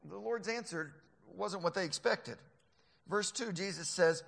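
A man delivers a lively, animated sermon in a high, bright voice. His words ring out with a long hall reverb around them. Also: unhurried, vocal fry. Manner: animated, acts out scoffers in mocking voices. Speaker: preacher.

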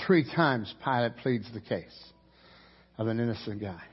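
Husky storytelling preacher man. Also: medium pitch, expressive, measured pace, muffled recording. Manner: storytelling preacher, acts out characters' lines. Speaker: pastor. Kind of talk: sermon.

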